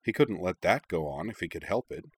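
Man, narrator, very low voice, steady storytelling, dry close sound. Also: brisk, breathy edge, no room sound. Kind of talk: audiobook narration of fan fiction.

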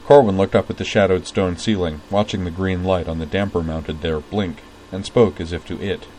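A man narrating a story aloud at a measured, steady pace. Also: low voice, a little hiss or hum, rough recording.

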